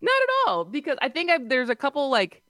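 A woman's voice: high voice, sing-song, a little fast, pushed and bright, no room sound. A woman in her thirties co-hosting a radio show, telling stories in a chatty way. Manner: chatty, storytelling with fillers. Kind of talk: casual radio chat. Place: radio studio. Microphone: studio microphone.

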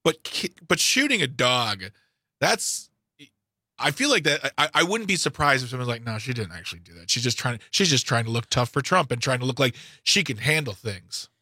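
A man's voice: mid-range voice, expressive, moderate pace, sharp tone, no echo, studio quality. A man co-hosting a casual radio talk show, trading sarcastic jokes with his partner. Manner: joking, sarcastic banter.

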